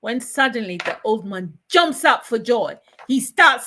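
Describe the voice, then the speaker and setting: Slow, deliberate woman storyteller. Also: a little high, very animated, sharp tone, a little hiss or hum. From Ghana. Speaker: chat show host. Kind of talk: storytelling with a moral.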